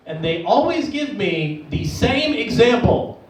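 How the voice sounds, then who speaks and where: A man's voice: high voice, very animated, unhurried. A man performing a stand-up comedy set in a club, rambling and profane, acting out the people in his stories. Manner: profane, rambling, acts out quoted voices. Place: comedy club stage in a sports lounge. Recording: echoey club audio from far off.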